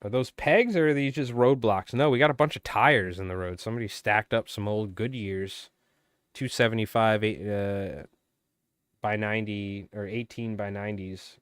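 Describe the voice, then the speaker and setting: Hoarse man calling a marble race. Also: lowish voice, normal speed, no room sound, clean studio sound. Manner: playful sportscaster-style play-by-play of a marble race. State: hoarse, voice wearing out. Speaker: fly tying live streamer. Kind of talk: live stream commentary.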